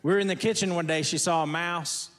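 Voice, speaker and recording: A man's voice: fairly high pitch, fairly even intonation, quick pace, a bit bright, in a large hall. A man performing a stand-up routine, firing off folksy one-liners on stage before a laughing audience. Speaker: stand-up comedian.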